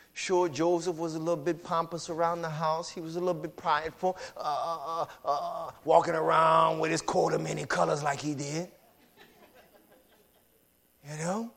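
High-voiced preacher building to shouts. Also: male voice. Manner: repetitive, building to shouted exclamations; colloquial, uses y'all. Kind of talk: sermon.

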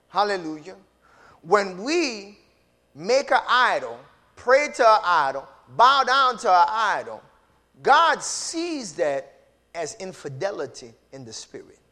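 A man preaching a sermon. He drops to low asides, climbs to shouted peaks, and acts out dialogue between characters. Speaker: pastor.

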